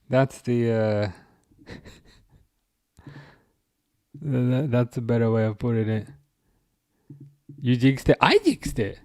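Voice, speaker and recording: A man hosting a casual live football watchalong, reading out chat, laughing often and tripping over his words when he gets excited. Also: medium pitch, no room sound, studio quality. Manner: excitable, laughing, stumbling restarts. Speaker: livestream host reading chat.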